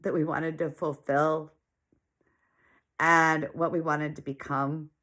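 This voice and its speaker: A woman's voice: deep voice, flat delivery, slow pace, fairly bright tone. Earnest woman in her forties, heartfelt. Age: 40s. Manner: emotional, earnest, repeats phrases for emphasis. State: teary-eyed, sniffling. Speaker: small business owner sharing her story. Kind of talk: heartfelt personal monologue.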